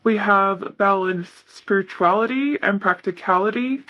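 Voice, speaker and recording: A woman giving a casual tarot reading, reading card messages aloud in a soft, hesitant way with many fillers. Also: mid-range voice, unhurried, lo-fi sound, background noise. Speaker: tarot reader.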